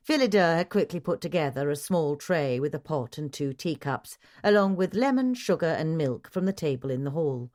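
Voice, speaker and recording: A woman narrating a mystery audiobook in a measured, even storytelling manner. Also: low-pitched. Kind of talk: scripted narration.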